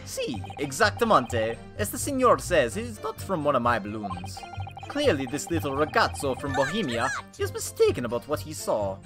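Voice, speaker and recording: A man's voice: on the high side, huge pitch swings, moderate pace. A man voicing a boastful, dismissive Italian balloon showman with a thick put-on accent, over game music. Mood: smug. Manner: dismissive and scornful. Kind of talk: game playthrough voice acting.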